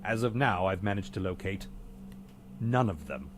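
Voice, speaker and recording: An actor playing a weary, dry-witted butler in a game, speaking in a formally polite, deadpan way. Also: male voice, low voice, moderate pace, a little hiss or hum. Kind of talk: video game voice acting.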